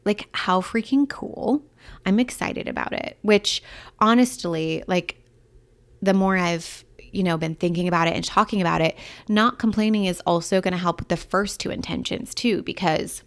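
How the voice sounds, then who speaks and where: A woman in her thirties hosting a solo podcast, chatting in an upbeat, candid way with lots of fillers. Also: fairly low pitch. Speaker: podcast host and breakup coach. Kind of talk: casual solo podcast talk.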